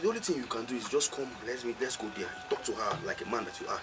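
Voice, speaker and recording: A man's voice: mid-range voice, expressive, racing, loud music behind the voice, natural voice. A man playing a mocking, blunt friend. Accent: Nigerian. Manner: mocking, loud. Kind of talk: film drama.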